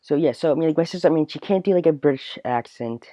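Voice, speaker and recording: A man's voice: fairly high pitch, fast talker, mellow, no room sound. A man hosting a solo podcast, ranting in a rambling way full of filler words. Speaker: podcast host. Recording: dull, dry, lo-fi recording.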